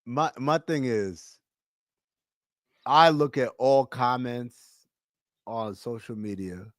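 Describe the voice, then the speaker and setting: With a lowish voice and no room sound, this man hosts a podcast in a casual, chatty way. He tells lively stories and performs the quotes within them.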